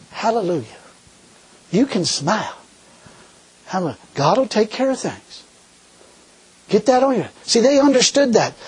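A middle-aged man preaching a sermon in a folksy, animated way, laughing often. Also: high-pitched, husky, rough recording.

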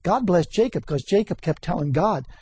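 A man preaching a sermon, animated and chuckling often, repeating key words and rising to sudden high exclamations. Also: normal speed, breathy edge, no room sound.

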